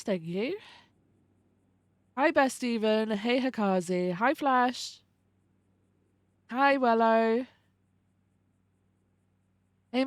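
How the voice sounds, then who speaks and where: Young adult woman, streamer, casual and sweary, fairly high voice, dry close sound. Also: no room sound. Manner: chatty, swears freely, reads and greets chat. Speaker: livestreamer. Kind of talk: casual chat with viewers.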